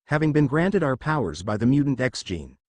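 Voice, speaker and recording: Brief: haughty lecturing mutant leader, read by a man, lively, dry. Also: medium pitch, a little fast, no room sound. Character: proud older male mutant leader.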